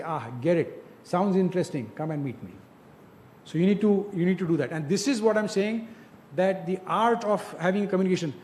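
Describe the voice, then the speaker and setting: A man's voice: high voice, a little mellow, slight background noise. A man giving direct, coaching advice to students in an informal talk, often asking rhetorical questions. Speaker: industry speaker mentoring students.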